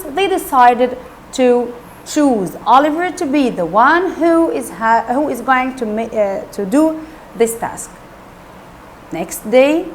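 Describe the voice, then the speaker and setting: Expressive woman teacher storytelling. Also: high voice, a little hiss or hum. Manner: expressive, explains words to pupils. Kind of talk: retelling a novel for schoolchildren.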